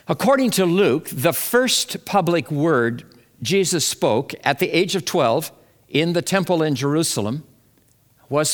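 A man preaching a Good Friday sermon in a slow, measured, reflective way. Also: a little high, big pitch swings. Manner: slow, measured and reflective, acting out quoted voices. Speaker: pastor.

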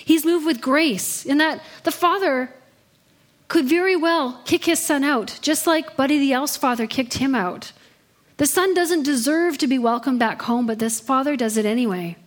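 Woman preacher with a higher voice. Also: moderate pace. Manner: earnest storytelling delivery. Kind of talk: sermon.

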